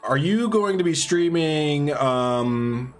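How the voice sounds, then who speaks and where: Chill guy streamer rambling to his chat while he builds, laughs a lot, quiet music in the back. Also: on the high side, animated, slow pace. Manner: rambling, laid-back, laughs often, answers chat messages. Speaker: live streamer. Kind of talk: casual chat with viewers while building a game park.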